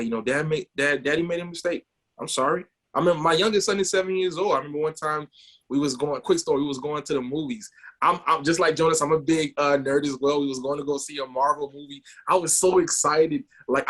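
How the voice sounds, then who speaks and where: Guy cohosting a podcast, telling stories all animated, trips over repeated words, middle pitch. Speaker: podcast co-host. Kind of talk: casual podcast storytelling.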